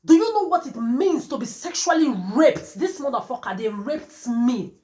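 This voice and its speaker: A woman's voice: high voice, sing-song, moderate pace, darkish tone. A woman delivering a defiant, profane rant to camera. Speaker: vlogger. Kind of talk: angry monologue to camera. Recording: roomy echo.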